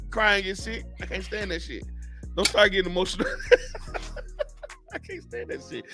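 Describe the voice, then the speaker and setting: Podcast co-host, man, bright forceful voice, a bit high, animated storyteller who laughs a lot. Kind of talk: casual storytelling chat.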